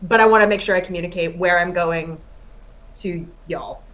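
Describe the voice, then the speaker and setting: A woman playing a tabletop game, speaking earnestly with halting starts. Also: lowish voice, fairly even intonation, fairly bright tone, lo-fi sound. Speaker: player.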